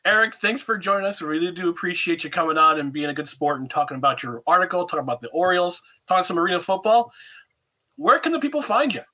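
Bright, fairly high-voiced podcast host. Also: male voice, fast talker. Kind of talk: casual sports chat.

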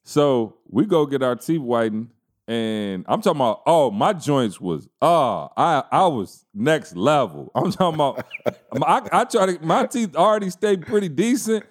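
A man's voice: a little high, expressive, normal speed. A man co-hosting a podcast, telling a funny story in loose slangy casual chat and laughing often. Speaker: podcast co-host.

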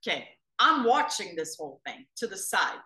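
A woman's voice: mid-range voice, very animated, normal speed, bright, forceful tone, reverberant. A woman telling a story in casual conversation, expressively quoting herself.

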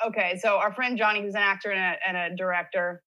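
A woman's voice: medium pitch, fairly even intonation, quick pace, bright, forceful tone, low-quality recording. Chatty woman telling stories. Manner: chatty storyteller, acting out others' words. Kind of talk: casual podcast chat.

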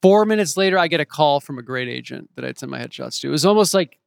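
A man in his forties, an actor and author, telling stories as an interview guest, animated and acting out the voices of the people he quotes. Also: fairly high pitch, fast talker, gravelly, smooth, no echo, clean studio sound. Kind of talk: casual storytelling in an interview. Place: home in Los Angeles.

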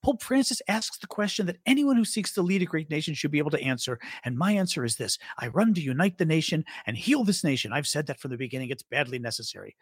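A man co-hosting a casual political podcast, his voice slightly husky and a bit higher than most. He talks in a lively, sarcastic way, and his pitch swings widely as he mimics quotes. The sound is close and dry. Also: quick pace, hardly any pauses, dry recording. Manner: animated, sarcastic, swearing, mocking quoted voices. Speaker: podcast co-host.

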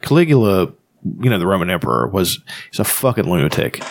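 A man's voice: low voice, big pitch swings, quick pace, gravelly. A man chatting casually on a podcast, rambling and swearing freely as he retells movies. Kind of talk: casual chat.

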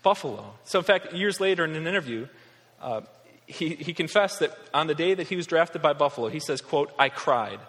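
A pastor in his thirties from Western New York delivers a sermon, his voice sitting a little high for a man. He sounds earnest and conversational, with touches of wry humor. A long reverb trails his words through a large church hall. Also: fairly quick, a bit bright.

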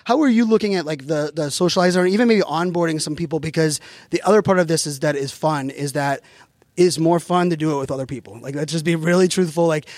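A man's voice: a little high, quick pace, darkish tone, dry recording. A man hosting a podcast, chatting casually at a live event, rambling with many fillers and restarts. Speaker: podcast host.

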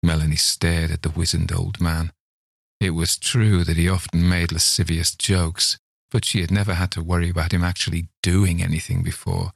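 A man reading a story aloud in a measured, unhurried narration. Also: low-pitched, little pitch movement, creaky, breathy edge, dry recording, clean studio sound. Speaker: reader of stories.

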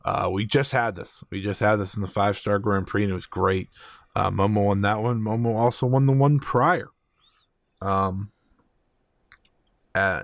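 A fairly low-voiced man hosts his own podcast alone, talking with eager, opinionated enthusiasm. He fills pauses with ums and uhs. The sound is dry and close, with no room around him. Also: vocal fry, dry recording. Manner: enthusiastic, opinionated, many fillers. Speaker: podcast host. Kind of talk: solo wrestling podcast talk.

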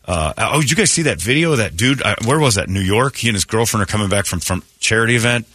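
A man with a low but bright, forceful voice hosts a casual morning radio show. He tells stories with energy and jumps up high when acting out what people said. The sound is dry and close. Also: fast, husky, dry recording. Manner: animated storytelling, acts out quotes in a raised voice.

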